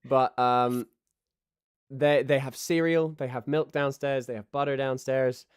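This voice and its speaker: A man narrates a tabletop game as its game master. He rambles through the scene with plenty of ums and easy laughter, his voice sitting at a middle pitch on a close, dry mic. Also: little pitch movement, a little slow, clear, resonant tone, dry recording.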